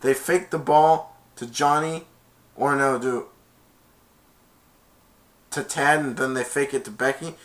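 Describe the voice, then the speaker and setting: A male reviewer casually recaps a movie, stringing the plot together with "and then" and breaking into loud, high-pitched character lines. His intonation is fairly even, his pace slow, and he pauses often.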